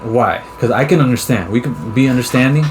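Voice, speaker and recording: A young man co-hosting a casual podcast chat, giving quick, blunt, slangy replies. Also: mid-range voice, lively intonation. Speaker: podcast co-host. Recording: noisy background.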